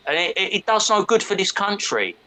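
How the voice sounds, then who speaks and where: A man's voice: high-pitched, big pitch swings, brisk, bright, forceful tone, slight background noise, rough recording. An English man, a guest on a casual podcast discussion, talking in a blunt, profane, ranting way. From England.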